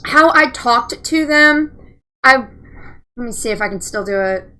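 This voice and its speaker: Bright high-voiced woman gamer chatting. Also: lively intonation, a little slow, clear, resonant tone. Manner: profane, chatty, laughing. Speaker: let's play gamer. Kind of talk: casual storytelling while gaming.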